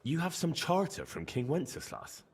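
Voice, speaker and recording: An actor playing a curious young man in a video game, with a husky voice. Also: a little high, big pitch swings, moderate pace. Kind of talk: game voice acting.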